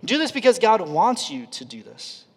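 A male pastor preaching a sermon in an earnest, conversational way, his loudness rising and falling sharply. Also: high voice, very animated, normal speed, husky. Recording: long reverb of a large hall.

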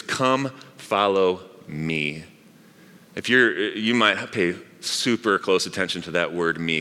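A man's voice: lowish voice, sharp tone. A middle-aged man, a pastor, preaching a sermon in a chatty way, with asides to the congregation. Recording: long reverb of a large hall.

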